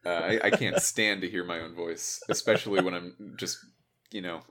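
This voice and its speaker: A man hosting a podcast in casual chat, a bit stuttery and quick to laugh. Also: low voice, steady tone, a bit bright. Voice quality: praised radio voice. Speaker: podcast host.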